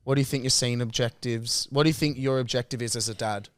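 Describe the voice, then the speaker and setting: A man co-hosting a comedy podcast, briskly organizing a bit and reading stage directions aloud in a deadpan manner. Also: medium pitch, a crowd in the background.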